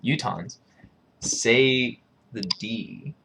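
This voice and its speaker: A man's voice: medium pitch, expressive, drawn-out words, vocal fry, background noise. A man thinking aloud casually, musing and repeating words over and over to test how he pronounces them. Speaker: video creator.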